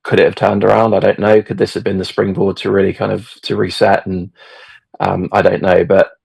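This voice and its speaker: A middle-aged man tells a story in a relaxed, meandering way, full of fillers and restarts. His voice sits low and gravelly, with a husky edge. The recording is close and dry. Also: fairly quick, no echo. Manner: hesitant, many fillers and restarts. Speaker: podcast guest, football fan. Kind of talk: casual storytelling.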